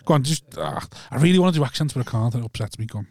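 A man's voice: medium pitch, animated, very fast, darkish tone, no echo, studio quality. A man with a Scouse accent from Liverpool, hosting a podcast in casual banter and swearing casually. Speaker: podcast host.

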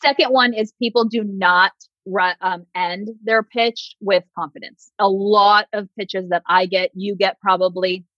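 Animated sarcastic woman on a podcast. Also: medium pitch, measured pace, dry recording, lo-fi sound. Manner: animated, sarcastic, acts out quotes. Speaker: podcast guest, PR coach. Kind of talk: casual podcast chat.

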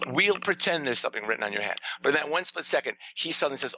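A man, a storyteller and playwright, telling an animated backstage story in a conversational interview, acting out quotes with sudden jumps in pitch. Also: fast, slight background noise, low-quality recording.

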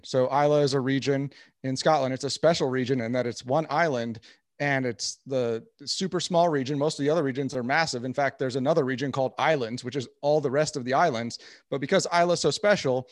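A man on a podcast explaining a topic in a steady, informative way. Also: medium pitch, brisk, no room sound, studio quality. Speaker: podcast guest. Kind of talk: casual podcast chat.

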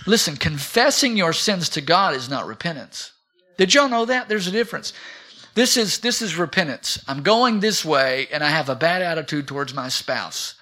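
Brief: middle-aged man preaching, bright, a bit high, rousing, calls for amens. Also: animated, normal speed. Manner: rousing, calls for amens, swings between loud and soft. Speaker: pastor. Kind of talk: sermon. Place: church sanctuary.

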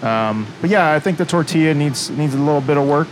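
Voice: medium pitch, brisk, slight background noise, rough recording. A host leading a casual food talk show, joking easily and introducing segments. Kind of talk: casual chat.

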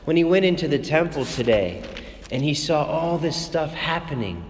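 A man preaching a sermon in a church, passionate, his voice dropping to a hush and then rising again. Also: on the high side, expressive, moderate pace, in a large hall, slight background noise. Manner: impassioned, swings between hushed and raised. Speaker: priest.

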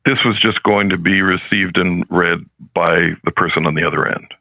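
A male professor speaking as a podcast guest, in an earnest, measured and reflective way, heard over a narrow phone-like line. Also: low voice, fairly even intonation, no room sound. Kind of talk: podcast interview. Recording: phone-like, dry, narrow sound.

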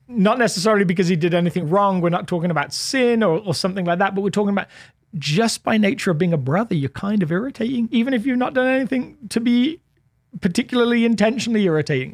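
A man's voice: a little high, no echo, studio quality. A man with an English accent, a pastor talking casually and thoughtfully on a podcast. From England. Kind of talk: casual chat.

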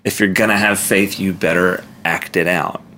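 A man with a very low voice talks through a Bible passage in a casual, thoughtful way. He reads verses aloud and then sums up the point with a wry touch. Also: steady tone, normal speed, bright, forceful tone, slight background noise. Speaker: podcast co-host discussing scripture. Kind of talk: casual Bible study discussion.

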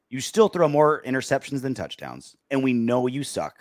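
A man's voice: mid-range voice, animated, quick pace, few pauses, dry recording, clean studio sound. A man co-hosting a casual post-game sports show, sarcastic and reading out listener comments. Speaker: podcast co-host.

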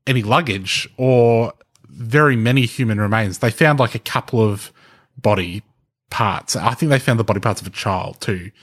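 A man's voice: lowish voice, moderate pace, a bit bright. A man co-hosting a podcast, casually explaining a story to his co-host while thinking aloud, restarting sentences and laughing lightly. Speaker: podcast co-host presenting the research.

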